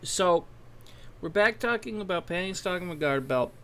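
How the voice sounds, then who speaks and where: A man's voice: sits high, expressive, a little fast, fairly bright tone, a little hiss or hum. A young man co-hosting a casual podcast, talking in rambling, self-interrupting bursts. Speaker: podcast co-host. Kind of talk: casual anime podcast chat.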